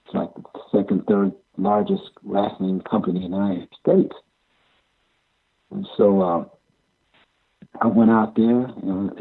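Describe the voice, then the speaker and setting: An older man recounts his wrestling days in a low, gravelly, husky voice. He talks haltingly, circles back on his words and chuckles as he goes. The sound is thin and tinny, like a phone line. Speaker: amateur pro wrestler. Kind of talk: interview storytelling.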